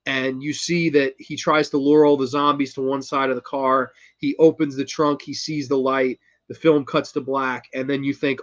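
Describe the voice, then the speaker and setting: A man's voice: mid-range voice, little pitch movement, normal speed, few pauses, lo-fi sound. A man hosting a casual film review monologue, enthusiastic and profane, retelling scenes and quoting lines. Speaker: host.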